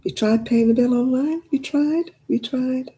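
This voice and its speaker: A woman's voice: high voice, measured pace, mellow, poor audio. An older woman, chatting casually with live viewers and grumbling in an exasperated way. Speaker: live streamer.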